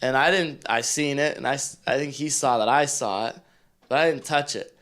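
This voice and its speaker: A man in his twenties, a podcast guest, telling stories in a casual, animated way with laid-back slang and frequent laughs. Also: medium pitch, normal speed. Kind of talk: casual storytelling.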